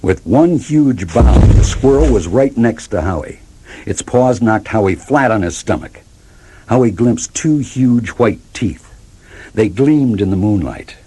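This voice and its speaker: A man's voice: lowish voice, lively intonation, measured pace, mellow, husky. A man reading a children's chapter book aloud, expressively, with dramatic sound words. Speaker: storybook reader. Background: background music.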